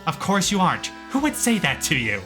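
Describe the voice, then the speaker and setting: A man voicing a soothing, motherly woman nurse who speaks gently and coaxingly, for a visual novel. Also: high voice, huge pitch swings, a little fast, faint music behind, voice pushed up, exaggerated voice.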